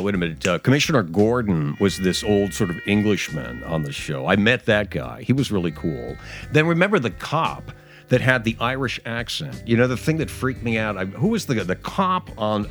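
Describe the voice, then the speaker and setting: On a laid-back talk show, a man whose voice sits on the low side and sounds a bit bright tells wandering, chatty stories. He keeps restarting and laughing as he goes, in the style of a radio or podcast host.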